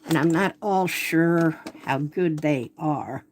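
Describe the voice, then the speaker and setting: With a low, slightly mellow voice and a slow pace, a woman demonstrates watercolor live from her home workspace, some slight background noise audible. Her talk is casual, chatty and apologetic, full of self-interruptions about her setup. She's recorded through a phone camera.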